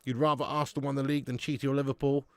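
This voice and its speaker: A man's voice: mid-range voice, level tone, racing, gravelly, smooth, no room sound. A young man hosting a live football watch-along, chatting casually with viewers, laughing often and swearing freely. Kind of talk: live casual chat reading viewer comments.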